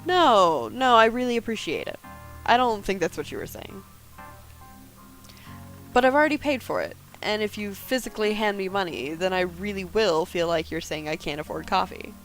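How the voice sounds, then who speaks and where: A woman voicing a guarded, brooding woman in her thirties, reading her first-person narration and lines quietly and dryly in a game. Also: mid-range voice, lively intonation, normal speed, soft background music, poor audio.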